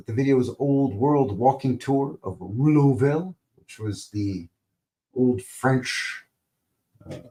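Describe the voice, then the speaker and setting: A man hosts a live stream, chatting in a rambling, playful manner and throwing in goofy sound effects. His voice is mid-range and slightly mellow.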